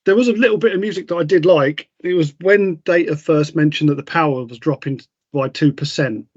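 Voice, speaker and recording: A man's voice: fairly high pitch, a little fast, husky, no echo, muffled recording. A man chatting casually on a podcast, joking and acting out lines from the show. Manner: jokey, acts out characters' lines. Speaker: podcast co-host. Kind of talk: casual chat.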